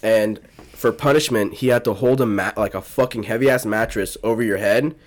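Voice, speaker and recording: A man's voice: lowish voice, normal speed. A young man from South Florida hosting a podcast, telling a rambling story full of swearing and restarts in casual chat. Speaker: podcast host.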